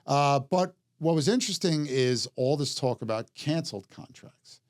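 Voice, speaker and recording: Man hosting, jokey upbeat quick asides, dry studio sound. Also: fairly high pitch, lively intonation, no echo. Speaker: podcast host. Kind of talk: casual market talk show.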